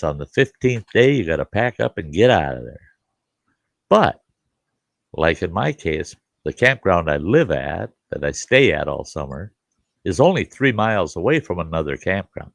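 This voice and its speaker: A middle-aged man with a very low, gravelly voice spins rambling, profane campfire-style tales in a relaxed live chat. He laughs at his own jokes. The sound is dry and close, with no room echo. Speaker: campground host. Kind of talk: casual live chat storytelling.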